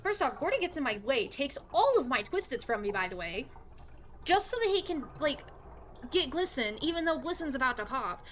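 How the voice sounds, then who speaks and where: A woman's voice: sits high, big pitch swings, normal speed, a bit bright, a little hiss or hum. A young woman streaming a game live, talking to chat while she plays, exclaiming, swearing and ranting about her teammates. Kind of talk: live gameplay commentary.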